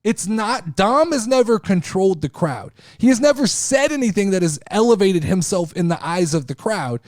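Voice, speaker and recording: A man hosting a casual wrestling talk show, speaking in an animated, profane way. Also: sits high, normal speed, no room sound, clean studio sound. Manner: animated, profane, mimics people he talks about. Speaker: podcast host.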